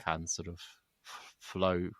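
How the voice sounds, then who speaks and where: A man's voice: deep voice, monotone, takes it slowly, no echo, studio quality. A man hosting a podcast interview, speaking thoughtfully and hesitantly, often restarting his sentences. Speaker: podcast host.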